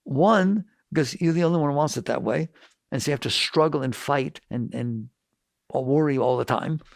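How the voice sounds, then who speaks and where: A man giving a spiritual talk to an audience, blunt and animated, full of rhetorical questions. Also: medium pitch, moderate pace, vocal fry, dry recording, clean studio sound. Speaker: spiritual teacher.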